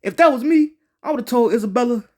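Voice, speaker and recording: High-voiced man ranting about a game. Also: animated, fast, a little mellow. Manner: slangy, profane, rambling with restarts. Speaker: game reviewer. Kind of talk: casual game review.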